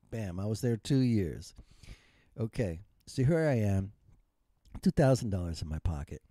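A man's voice: on the low side, very animated, a little slow, long pauses, dark tone, no echo, studio quality. A man in his fifties, a retired musician telling his life story in a humorous, rambling and self-mocking monologue.

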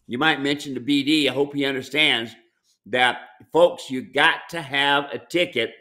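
Folksy middle-aged ranch owner, bright tense tone, chatty live Q&A. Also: male voice, mid-range voice, fairly even intonation, moderate pace. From United States. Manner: folksy, repeats words, addresses "folks". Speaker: mule ranch owner and trainer. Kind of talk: casual live-stream Q&A.

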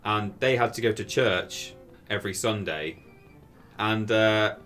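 A man's voice: fairly low pitch, measured pace, a bit bright, soft background music. A man chatting casually while streaming a video game, rambling and amused as he tells stories. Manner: rambling, self-amused storytelling. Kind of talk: casual gameplay commentary.

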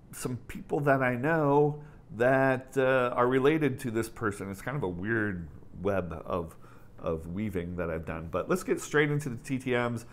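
A man hosting his own autograph collecting channel, talking in an upbeat, chatty way with fillers and self-corrections. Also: medium pitch. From United States. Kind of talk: casual enthusiastic vlog.

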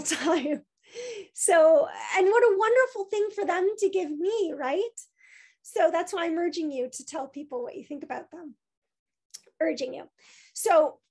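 A woman's voice: sits high, darkish tone. A woman giving a talk as an obituary writer, telling a personal story in a chatty way with many fillers and restarts.

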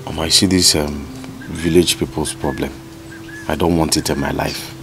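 A man's voice: extremely low pitch, steady tone, normal speed, noisy background. An actor with a Nigerian English accent playing an anguished businessman who stammers and repeats himself in distress, with film music behind. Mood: pleading. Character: anguished city businessman man, pleading and frantic. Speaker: Uchenna, a city businessman. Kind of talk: Nollywood film acting. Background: film score music.

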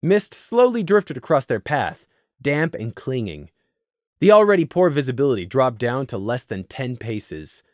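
A man narrating a story in a lively, expressive reading voice. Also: mid-range voice, unhurried, no echo, clean studio sound. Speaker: audiobook narrator.

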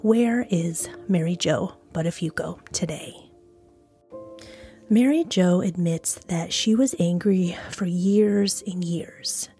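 A woman's voice: fairly low pitch, slow pace, dark tone. A woman hosting a true crime podcast, reading a scripted narration with frank, blunt, conversational asides. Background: music.

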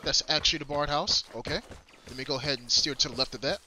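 A man's voice: a little high, fast, bright, forceful tone, slight background noise. A man livestreaming a shooter game, giving casual, slangy and profane commentary straight to his viewers and opponents and repeating his own phrases. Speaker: livestreaming gamer.

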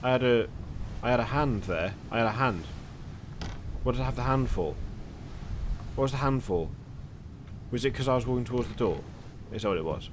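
A man's voice: medium pitch, a little fast, long pauses, noisy background. A man chatting casually as a gameplay host, rambling with jokey asides. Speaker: gaming channel host.

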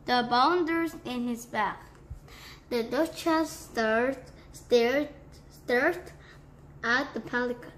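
A woman reading a children's book aloud in a slow, careful way. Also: on the high side, a bit bright, slight background noise. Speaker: book reader.

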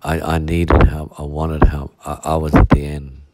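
A man's voice: extremely low pitch, monotone, normal speed, dark tone. A male pastor, preaching a midweek sermon with heavy repetition and rhetorical asides.

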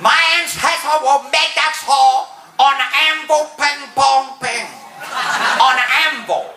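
Man putting on a shouting businessman, mock Japanese accent. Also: very high-pitched, fairly even intonation, takes it slowly, voice pushed up, full character voice. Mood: insistent. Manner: shouting, broken English, indignant. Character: angry little male businessman, pompous, ranting. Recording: roomy live comedy album, noisy.

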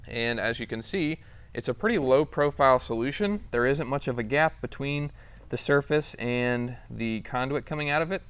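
A young man hosting a casual product walkthrough, relaxed and rambling with lots of fillers. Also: mid-range voice, clear, resonant tone, dry recording. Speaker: product demo host.

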